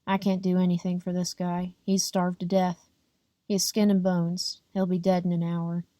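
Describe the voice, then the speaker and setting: A blunt, businesslike male doctor, voiced by a woman reader, matter-of-fact and flat. He speaks a little quieter and lower than the narration. The sound is close and dry. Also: moderate pace, no room sound, lightly acted.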